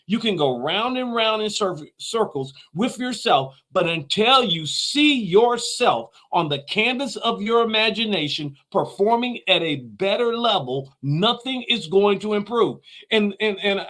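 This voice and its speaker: High-voiced man giving an emphatic motivational talk. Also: animated, measured pace, few pauses, fairly bright tone. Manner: emphatic, repeats key phrases. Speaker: motivational speaker.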